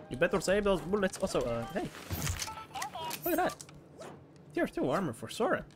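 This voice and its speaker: A woman's voice: mid-range voice, wildly swooping pitch, normal speed, pauses often, faint music behind. A woman streaming a game, giggly and hyper, chatting playfully with her teammates. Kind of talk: casual gaming stream chat.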